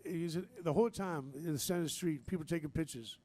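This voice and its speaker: A man shares stories at a live music venue. He rambles warmly, with restarts and Southern slang. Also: a little high, quick pace. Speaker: band member. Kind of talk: heartfelt live storytelling.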